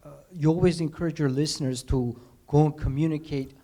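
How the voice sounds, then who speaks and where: A man's voice: a little high, steady tone, brisk, mellow. A man in the audience asking the speaker hesitant, probing questions.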